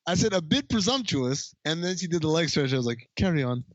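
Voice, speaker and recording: A man's voice: a little high, big pitch swings, fairly quick, dry recording, highs cut off. A man co-hosting a movie podcast, casual and crude, reading out his own viewing notes. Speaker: podcast co-host. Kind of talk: casual movie review chat.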